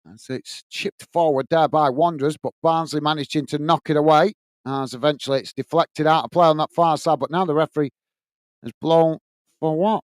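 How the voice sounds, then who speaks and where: Man, from England, fan watch-along host, high voice, crisp and dry close sound, chatty, reads viewer comments. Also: steady tone, fairly quick, dry recording. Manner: chatty, reads out viewer comments, partisan for his own team. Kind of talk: live fan commentary and chat reading.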